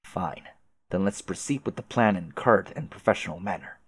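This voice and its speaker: A man voicing a stiff, formal, muscular teenage boy troll aristocrat who speaks quietly and precisely. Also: low-pitched, moderate pace, husky.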